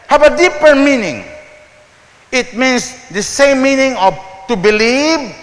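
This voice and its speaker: Slow-preaching man in an echoing church. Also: very high-pitched, animated, a bit bright. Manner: slow, repetitive preaching that quotes scripture verse by verse. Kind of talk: sermon.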